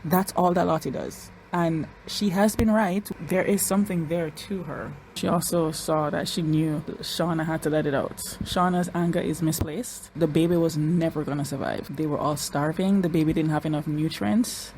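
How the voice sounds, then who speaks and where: A woman giving excitable reaction commentary on an episode, bursting into loud exclamations and then rambling quickly through her analysis. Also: low-pitched, slight background noise. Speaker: reaction vlogger.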